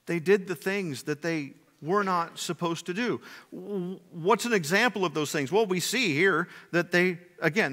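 A man preaching a sermon as pastor, with a dramatic delivery that swings between loud emphasis and hushed, low passages, asking many rhetorical questions. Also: long reverb tail. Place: church sanctuary.

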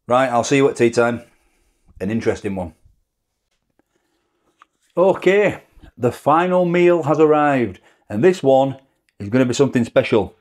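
A chatty, rambling middle-aged man talks his viewers through a meal as a food vlogger. His voice sits fairly low, and he laughs easily between thoughts. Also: darkish tone. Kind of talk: casual chat to camera.

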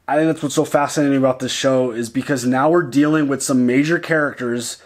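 A man co-hosting a casual reaction show, talking excitedly and acting out lines as he retells scenes. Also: medium pitch. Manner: excited, quotes characters in quick retellings.

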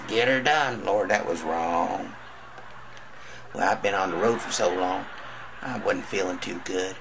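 A man's voice: fairly low pitch, steady tone, normal speed, gravelly, background noise. A man telling a crude stand-up story in a drawling country manner, acting out other voices. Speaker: comedian.

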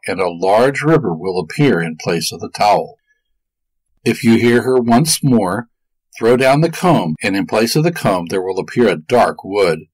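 A man's voice: lowish voice, breathy edge, dry recording, low-quality recording. A man voicing a serious black cat giving careful instructions in a storybook reading.

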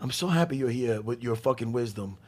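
A man co-hosting a casual chat, talking in an animated, profane way and swinging between low mumbles and loud shouts. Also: fairly quick, a crowd in the background. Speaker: podcast co-host.

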